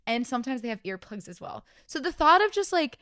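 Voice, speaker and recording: Young woman, podcast co-host, joking and lively, fond of correcting others; dry close-mic sound. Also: high-pitched, a little fast, clear, resonant tone, no room sound. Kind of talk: casual podcast chat.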